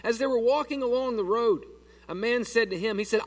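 A man's voice: very high voice, fairly quick, recorded from a distance. A man preaching a sermon in a church, folksy and joking with his congregation. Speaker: pastor. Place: church sanctuary.

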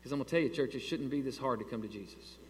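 A man preaching to his church, telling a story in an animated, exasperated way. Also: mid-range voice, very fast, a little hiss or hum. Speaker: pastor. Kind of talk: sermon with a storytelling aside. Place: church sanctuary. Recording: long hall reverb.

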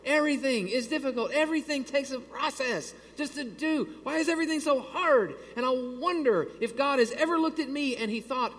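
A man preaching to his church, telling a story in an animated, exasperated way. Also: extremely high pitch, brisk, hardly any pauses. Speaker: pastor. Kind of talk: sermon with a storytelling aside. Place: church sanctuary. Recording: long hall reverb.

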